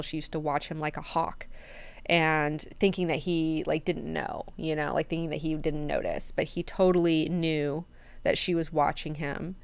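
A woman's voice: sits low, clean tone. A woman hosting a book club, recapping chapters in a chatty way, full of fillers and casual swearing.

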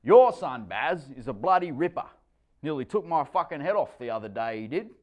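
A coarse middle-aged Australian tradie, put on by a man reading a story, rambles on about a near miss in the surf. He swears constantly and gets excited as he talks. His voice rises and falls a great deal. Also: medium pitch, normal speed, pitched above the performer's own voice, lightly acted. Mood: excited, crude.

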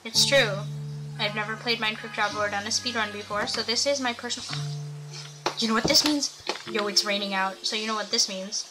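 A young woman talks through her game for her stream viewers in a brisk, steady, mid-range voice, casually thinking aloud. The audio is poor, with music and background noise audible.

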